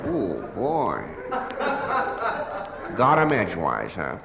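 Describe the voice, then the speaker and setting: Comic lead: hungover man on the phone, halting and sheepish, lively swooping delivery, recorded live in a roomy hall. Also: low voice, vocal fry, a loud crowd. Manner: stammering, hesitant, full of uhs and restarts; sheepish and apologetic. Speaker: comedian. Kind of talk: one-sided comic phone monologue. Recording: live recording in a large echoing hall with ambient noise.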